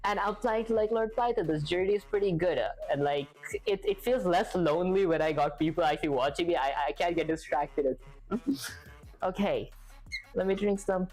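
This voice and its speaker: A chatty woman with a slightly low voice hosts a casual live stream while she works through code. She thinks aloud, giggles often and answers her viewers as she goes. Soft music plays faintly behind her. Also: normal speed.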